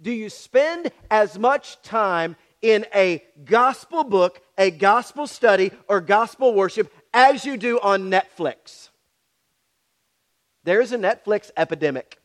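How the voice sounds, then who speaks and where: A man's voice: high voice, animated, slow pace. A pastor preaching a sermon, speaking directly and challenging his congregation with repeated questions.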